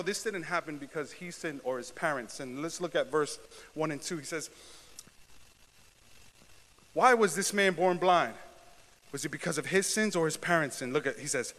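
A man preaching a sermon, talking back and forth with the congregation and building to loud, drawn-out shouted climaxes. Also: a little high. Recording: long hall reverb.

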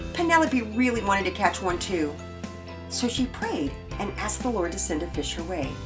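An older woman, a grandmother, reading a children's story and chatting as host in a gentle, expressive way. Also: mid-range voice.

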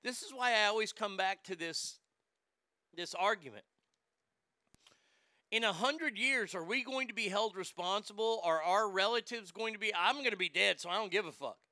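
A man's voice: high voice, a little slow, pushed and bright, dry recording, studio quality. A man hosting a sports show, delivering a profane, ranting monologue and stammering over repeated words.

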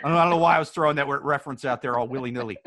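A man's voice: medium pitch, racing, fairly bright tone. A man co-hosting a podcast, chatting casually, rambling and swearing as he jokes. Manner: profane, rambling, joking. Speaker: podcast co-host. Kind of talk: casual comedic chat.

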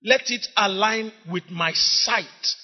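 High-voiced Nigerian preacher, impassioned. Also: male voice. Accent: Nigerian English. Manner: impassioned preaching, often rising to shouts and drawn-out words. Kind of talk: sermon. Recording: dull lo-fi recording.

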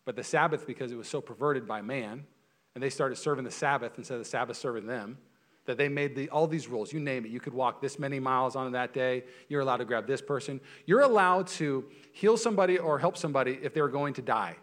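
A young adult man preaching a sermon as pastor, energetic and conversational, often repeating words as he gets going. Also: medium pitch, fast.

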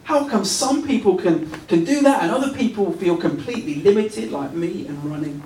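A man giving a relaxed, self-deprecating sermon built around a family story, recorded in a church hall. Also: high-pitched, normal speed, a little hiss or hum. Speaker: pastor. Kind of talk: sermon with personal stories. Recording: roomy sound from a distance.

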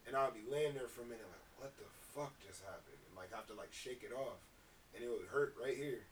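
Fast-talking young man, profane storyteller. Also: medium pitch, recorded from a distance, rough recording. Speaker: podcast co-host. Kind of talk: casual chat. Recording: set back from the mic, faint hiss.

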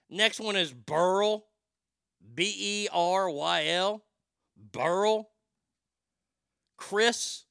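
A man with a gravelly edge and a bright, forceful tone rants with comic outrage, swearing freely. The sound is dry and close. He keeps up a host's patter between loud outbursts. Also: sits high, no room sound. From Texas. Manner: ranting, profane, mock outrage with loud outbursts. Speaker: radio show host. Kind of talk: comedic rant.

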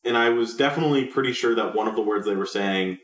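A man in a casual, animated chat about films, laughing often. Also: on the low side, quick pace, far from the mic. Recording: roomy, a bit off-mic.

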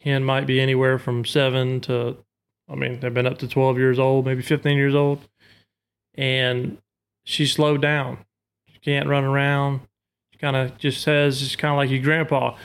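A man's voice: mid-range voice, flat delivery, moderate pace. A man in casual talk, patiently explaining duck-call technique step by step. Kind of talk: casual instructional chat.

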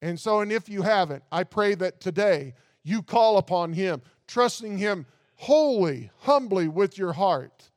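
High, smooth-voiced preaching man. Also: lively intonation, a little slow, no echo, studio quality. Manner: earnest, emphatic preaching with frequent restarts. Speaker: pastor. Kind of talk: sermon.

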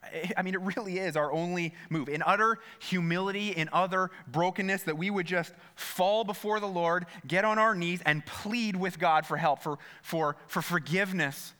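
Bright-voiced man preaching earnestly. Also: high voice, normal speed, hardly any pauses. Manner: earnest, repeats phrases, addresses listeners directly. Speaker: pastor. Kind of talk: sermon.

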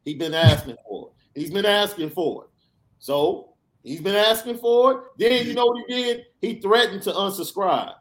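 A man's voice: high voice, normal speed, fairly bright tone. A man hosting a sports podcast, ranting with emphatic, sarcastic repetition. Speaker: podcast host. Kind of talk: animated sports podcast rant.

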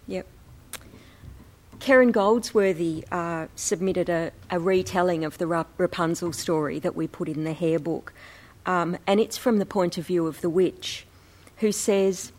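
A woman presenting slides to an audience in a measured, explanatory way. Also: fairly low pitch, darkish tone. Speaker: presenter, co-editor of a book. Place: talk before an audience.

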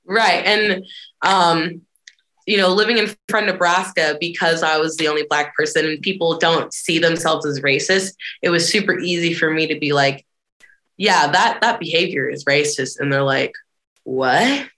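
A woman activist answering interview questions in a lively, conversational way, often acting out other people's voices. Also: low voice, moderate pace. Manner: animated, acts out quoted voices. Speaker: activist guest.

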